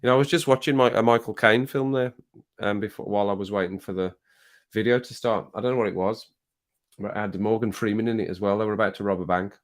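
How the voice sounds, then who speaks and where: A man's voice: on the low side, fairly even intonation, fast talker. A man chatting casually on a live stream, reading viewer comments aloud and laughing often. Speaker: music reaction streamer.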